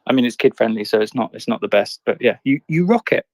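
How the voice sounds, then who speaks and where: A man's voice: mid-range voice, expressive, quick pace, a little mellow, no room sound. A man in a casual chat tells a joke in an upbeat, playful way. His voice sits in the middle range, and it is recorded close and dry. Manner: upbeat, joking.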